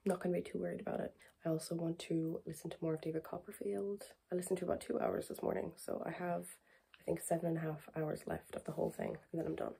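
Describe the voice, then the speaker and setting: A woman's voice: fairly low pitch, level tone, fast, vocal fry, dark tone, slightly rough. A woman talking casually to camera in a reading vlog, candid, chatty and self-mocking. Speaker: book vlogger.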